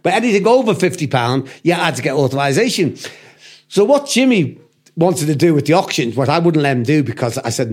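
An older Liverpool man, a podcast guest, tells a long, sweary story in casual chat, acting out the voices he quotes. His voice is a little high, sing-song, quick, and a little mellow.

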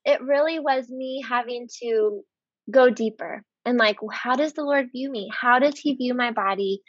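A woman's voice: on the high side, moderate pace, dry recording. A woman in her thirties, a podcast guest, talking casually and earnestly about her faith, using lots of "like" fillers. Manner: earnest, heartfelt, many "like" fillers. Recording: dull, dry lo-fi sound.

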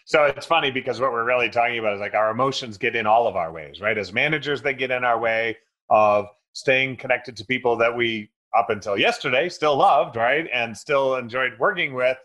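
A man hosting an interview who sums up points and frames the next questions in a measured way. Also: mid-range voice, pushed and bright, poor audio. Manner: measured, summarizing and framing questions. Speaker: podcast host.

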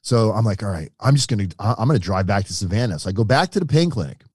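Acting out the voices of people in his own story, a middle-aged man speaks as an animated podcast guest in an interview. His voice is fairly low and slightly rough, and he talks at a quick pace. It's a dry recording with clean studio sound.

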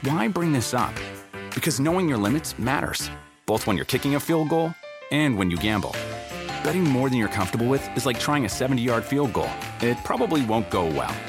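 A man reading a scripted public-service ad in an even, friendly tone. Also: mid-range voice, brisk, over music. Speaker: ad announcer.

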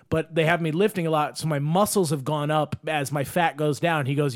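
Young guy hosting a podcast, kinda high voice, swears a lot and acts out everybody in his stories. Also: fairly quick, hardly any pauses, no room sound, studio quality. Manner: animated storyteller, swears freely, acts out quotes. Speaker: podcast host. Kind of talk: casual chat.

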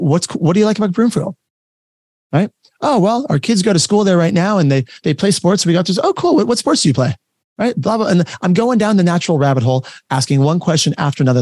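A man's voice: medium pitch, darkish tone, no room sound, studio quality. A man teaching real estate agents on a video call, talking conversationally and acting out client dialogues. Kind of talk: live online training talk.

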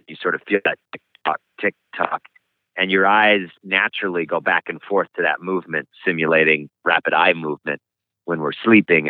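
A man speaking frankly and reflectively as an author being interviewed, pausing often as he talks. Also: low voice, no room sound. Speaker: author and guest. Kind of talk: candid interview conversation. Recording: tinny phone-like line, dry.

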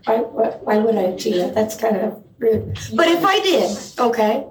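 On stage in a comedy news segment, a woman co-host cracks jokes, centers herself, and pushes the crowd to laugh. She speaks at a normal speed in a slightly high, expressive voice, picked up distantly in an echoey room.

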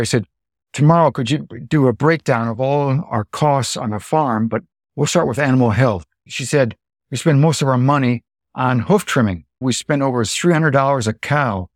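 A middle-aged American man and dairy farmer, telling farm stories in a lively way, acting out what people said and making sound effects. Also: mid-range voice, no room sound, studio quality. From United States. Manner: animated storyteller, acts out quotes and sound effects. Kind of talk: anecdotal storytelling.

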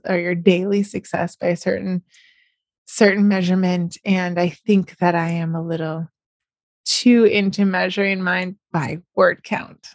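A woman's voice: fairly low pitch, no echo, studio quality. A middle-aged woman, chatting on her podcast in a casual, upbeat way and often smiling as she talks. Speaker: podcast host and novelist. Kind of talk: casual solo podcast chat.

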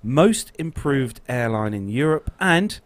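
Co-host man reading out news, animated. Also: medium pitch, takes it slowly, dry recording. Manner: reads out items, announces the list. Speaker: podcast co-host. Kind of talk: casual panel chat.

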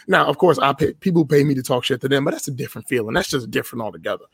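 Fast-talking blunt, profane man storyteller. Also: medium pitch, expressive, vocal fry, husky, no echo. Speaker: podcast guest. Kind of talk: casual storytelling.

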